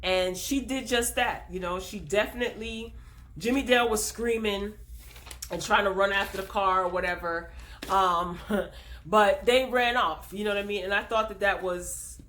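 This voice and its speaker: A woman's voice: mid-range voice, normal speed, fairly bright tone. A woman host talking straight to her viewers in a casual TV episode recap, retelling scenes with plenty of fillers. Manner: addresses viewers directly.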